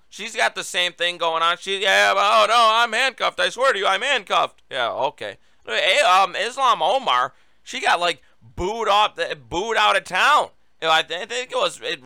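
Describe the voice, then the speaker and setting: A man's voice: a little high, pushed and bright, clean tone, no echo. A man hosting his own show, giving a political commentary monologue and reading news quotes aloud with running asides. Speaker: show host.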